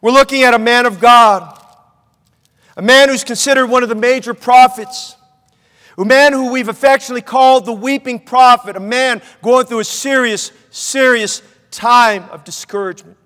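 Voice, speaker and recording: A man's voice: very high voice, fairly even intonation, normal speed, bright, forceful tone. A man preaching a sermon in a church, with an emphatic, repetitive preaching cadence. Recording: long hall reverb.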